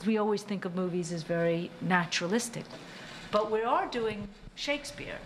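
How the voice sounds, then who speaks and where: A woman's voice: medium pitch, moderate pace, slight background noise. Woman director coaching her actors. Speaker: film director. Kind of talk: directing actors and narrating a documentary.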